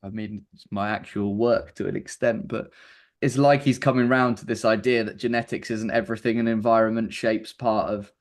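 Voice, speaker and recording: A man with a fairly low voice adds thoughtful commentary on a podcast. His tone stays conversational and analytical. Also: fairly even intonation, normal speed. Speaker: podcast co-host. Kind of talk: casual lore discussion.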